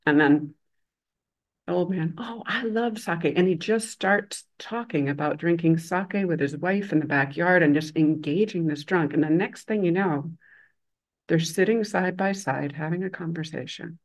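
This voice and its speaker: A hospital chaplain giving a dharma talk, telling a story in a reflective, measured way with gentle emphasis. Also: mid-range voice, low-quality recording. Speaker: hospital chaplain and Buddhist teacher.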